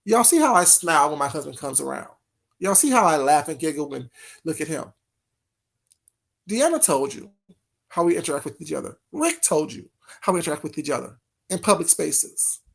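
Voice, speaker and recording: A man's voice: fairly high pitch, sing-song, fairly quick, vocal fry, long pauses. A man hosting a casual livestream, talking straight to his chat in a heated, repetitive way. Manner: heated, talks straight to chat, repeats phrases. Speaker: livestream host.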